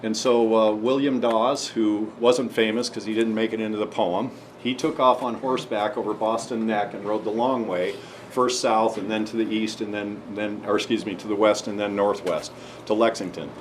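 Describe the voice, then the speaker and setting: A man's voice: fairly low pitch, steady tone, moderate pace, a little hiss or hum. A man addressing an audience in a conversational history talk, telling the story and asking emphatic rhetorical questions. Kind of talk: history talk and advocacy speech.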